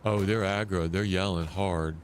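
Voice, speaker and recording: A man's voice: low voice, normal speed, slight background noise. Rambling man streaming a shooter game. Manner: rambling, restarts sentences, excitable. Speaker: streamer playing a survival shooter. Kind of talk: live gameplay commentary.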